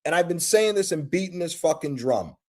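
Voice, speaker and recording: An American man on a live call-in show sounds off hard, emphatic and profane. His voice sits high for a man, and he hammers each point. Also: animated, a little fast, a little mellow. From United States. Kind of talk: heated call-in rant.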